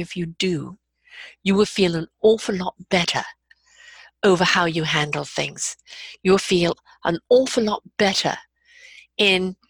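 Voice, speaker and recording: A middle-aged woman telling a personal story and giving calm, earnest life advice. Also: on the low side, vocal fry, husky, no room sound. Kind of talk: motivational talk with personal story.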